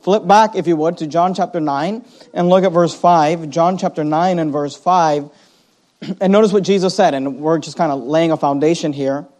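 A man preaching a sermon as pastor, reading scripture aloud and slowing down to stress key words. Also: a little high, a little mellow. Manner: reads scripture aloud, slows down for emphasis.

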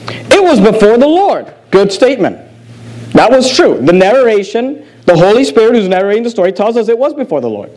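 A man's voice: high voice, a little mellow, rough recording. A man preaching a sermon as pastor, reading scripture aloud and asking the congregation questions, with earnest repetition. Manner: earnest, repeats phrases, asks the congregation questions.

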